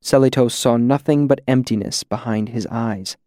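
A man narrating a fantasy story as an audiobook, in a measured, even storytelling manner. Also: mid-range voice, no room sound, clean studio sound.

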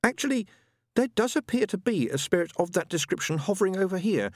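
A man's voice: high-pitched, expressive, brisk, darkish tone, no echo, studio quality, voice pushed up. A man voicing a haughty, condescending male spirit who speaks through a medium in an audiobook.

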